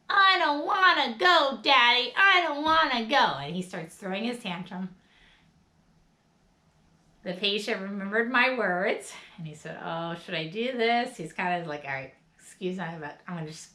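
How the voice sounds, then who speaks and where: Upbeat, bright-voiced woman coaching a class. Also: mid-range voice, roomy sound. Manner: upbeat, coaching, with bursts of laughter and shouts. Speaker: wellness instructor. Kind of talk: guided laughter and movement class.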